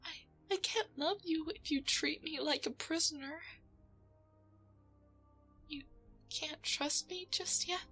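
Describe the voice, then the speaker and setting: A woman's voice: high-pitched, slow, long pauses, bright, forceful tone, faint music behind, full character voice. A woman playing a frightened young woman held captive in an audio drama, talking in whispery, breathless bursts and stammering when scared. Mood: pleading, placating. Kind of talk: audio drama role-play.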